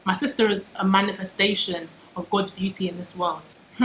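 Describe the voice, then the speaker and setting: A woman's voice: medium pitch, steady tone, a little fast, hardly any pauses. A young woman with a British accent talks straight to her viewers, passionate and dramatic, and she repeats phrases for emphasis. The room around her sounds echoey, with a faint hum of ambience in the background. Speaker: vlogger. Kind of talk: casual talk to camera.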